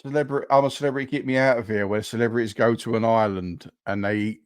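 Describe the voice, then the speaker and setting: A man co-hosting a relaxed podcast, telling rambling stories and laughing at his own jokes. His voice sits at a middling pitch, and the recording is dry and close. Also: fast, smooth, no echo. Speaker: podcast co-host. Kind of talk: casual chat.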